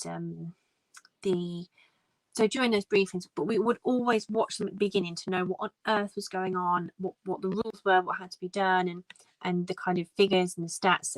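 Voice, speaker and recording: A woman's voice: on the low side, no room sound, poor audio. Chatty woman with a dry sound. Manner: chatty storytelling with frequent restarts and quoted dialogue. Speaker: live stream host. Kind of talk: casual chat.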